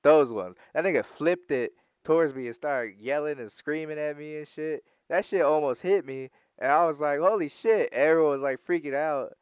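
A young man casually telling a profane, animated story in chat, often laughing. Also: a little high, moderate pace, hardly any pauses, clean tone, no room sound, clean studio sound.

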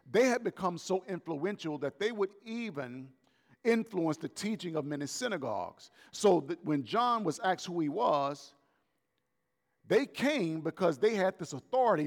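A man preaching a sermon as pastor, swinging between loud raised lines and soft, slow emphatic words. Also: high voice, big-room sound. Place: church hall.

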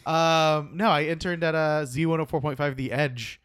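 A man's voice: fairly high pitch, fairly even intonation, moderate pace, a bit bright, clear, resonant tone, no echo, clean studio sound. A male podcast co-host talking in a laid-back, rambling way, full of fillers and laughs. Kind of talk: casual podcast chat.

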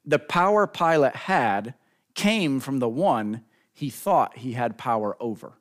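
A man preaching a sermon, building to emphatic lines and drawing out key words slowly, speaking directly to the congregation. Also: medium pitch, animated. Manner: preaching with rising emphasis and slow drawn-out stresses; addresses the congregation directly as folks. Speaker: pastor.

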